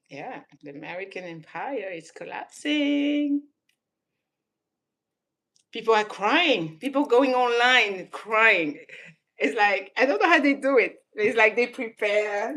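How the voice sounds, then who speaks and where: A woman's voice: medium pitch, expressive, slow, gravelly, a bit bright. Woman from senegal n southern france doing a reaction vid, laughs a lot, punchy casual talk. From born in Senegal, raised in southern France. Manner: laughs often, emphatic and chatty. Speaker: vlogger reacting to clips.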